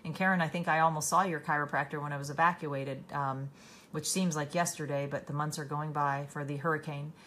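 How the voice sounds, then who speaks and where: A woman's voice: low voice, fairly even intonation, brisk, fairly bright tone, slight background noise. A woman hosting a casual live stream, tired, reading out viewer comments and answering them by name with many fillers and restarts.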